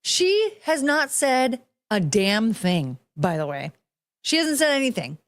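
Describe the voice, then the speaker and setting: A woman hosting her own podcast reacts to video clips with blunt, profane commentary, dropping into mocking impressions of the people on screen. Her voice sits a little high, and she speaks slowly but very animatedly.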